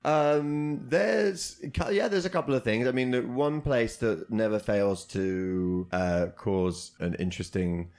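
A man's voice: mid-range voice, a little slow, few pauses, a little mellow. A young man, a comedian guest, telling rambling, self-deprecating stories in casual chat and laughing as he talks. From Britain. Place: karaoke box.

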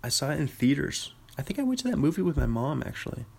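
A man's voice: fairly high pitch, sing-song, fast talker, gravelly, a little mellow, slightly rough. A man hosting a podcast, rambling about films in casual chat, often correcting himself and chuckling. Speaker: podcast host.

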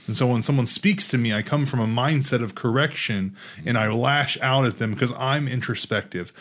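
A man talking about faith in an earnest way, growing excited and lively as he speaks. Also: medium pitch, moderate pace. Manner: earnest, gets excited and animated. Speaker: Christian teacher. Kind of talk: casual faith discussion.

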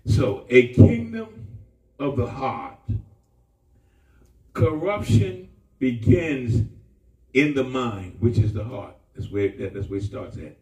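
Folksy preacher with a lively voice. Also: male voice, mid-range voice, slow pace. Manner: folksy and emphatic, with call-and-response. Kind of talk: sermon. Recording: echoey room from far off.

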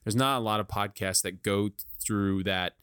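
Excitable male podcast guest, dry studio mic. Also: lowish voice, clear, resonant tone, no echo. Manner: excitable, quick bursts of speech. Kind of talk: casual chat. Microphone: studio mic with pop filter on a swinging arm.

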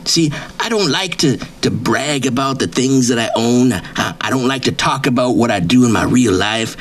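A man's voice: mid-range voice, animated, moderate pace, a bit bright. A man voicing a boastful, swaggering male wrestling writer who brags nonstop and repeats his catchphrases in a comedic character bit. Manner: brash bragging, repeats catchphrases, drawls "man" constantly.

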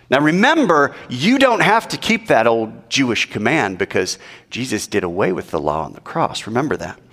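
A man preaching in an animated, rhetorical way and asking the audience questions. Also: medium pitch, big-room sound. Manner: animated, rhetorical, mock-quoting. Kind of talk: sermon.

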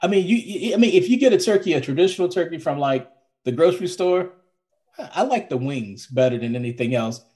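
A man's voice: fairly high pitch, animated, brisk, mellow. A man co-hosting a podcast in a casual, rambling chat, often repeating himself. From from Maryland, now Florida. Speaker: podcast co-host.

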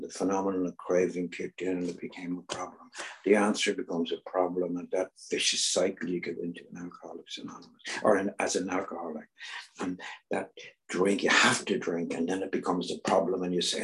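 Older Northern Irish man, gravelly testimony. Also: low voice, low-quality recording. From Northern Ireland. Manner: earnest storytelling that swings between loud emphasis and near-whispers. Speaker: recovery meeting speaker. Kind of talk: personal testimony.

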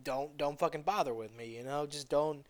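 Man, fairly high voice, angry rant, repetitive, profane, halting restarts. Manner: heated, repetitive, stumbling restarts, bitter laughs. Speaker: vlogger.

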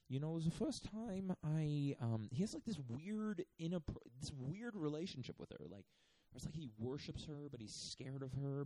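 A man's voice: medium pitch, warm tone, no echo, poor audio. A man hosting a podcast, talking casually and rambling with many fillers and restarts. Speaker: podcast host.

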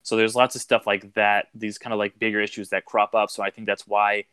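A man speaks in a fairly low, level tone with very little rise and fall. His voice is smooth and close and dry, and he talks loosely as a casual podcast co-host, trailing into filler words. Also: little pitch movement, a little fast, pushed and bright, no echo. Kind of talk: casual chat.

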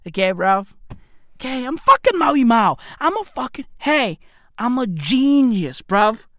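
A woman doing a profane comedic rant, swearing constantly, firing off rhetorical questions and swinging from shouts down to hushed whispers. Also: on the high side, very animated, unhurried. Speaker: comedic ranter.

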